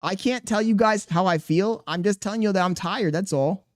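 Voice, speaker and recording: A man's voice: high voice, moderate pace. A young man livestreaming, talking casually and defensively to his chat, rambling and firing questions back at them.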